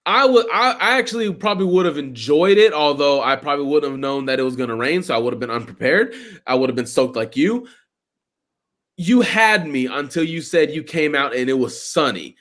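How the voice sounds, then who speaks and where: Lively, higher-voiced male podcast co-host. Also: a little fast. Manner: reactive, lively listener. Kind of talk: casual podcast chat.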